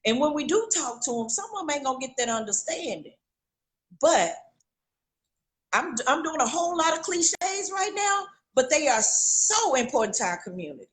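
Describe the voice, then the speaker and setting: A woman's voice: high voice, sing-song, normal speed, low-quality recording. An older woman calling in, speaking bluntly and emphatically. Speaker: caller. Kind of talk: impassioned opinion talk.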